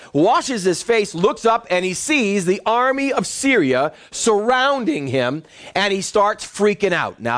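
A male pastor preaching a sermon to his church congregation, acting out the voices of the people in his stories. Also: high-pitched. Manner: animated storytelling preacher, acts out voices.

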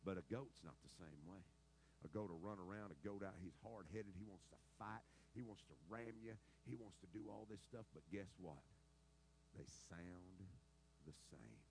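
A middle-aged man preaching a sermon, telling stories dramatically and swinging between loud outbursts and quiet, low stretches. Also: normal speed, gravelly, a little hiss or hum, rough recording. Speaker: pastor.

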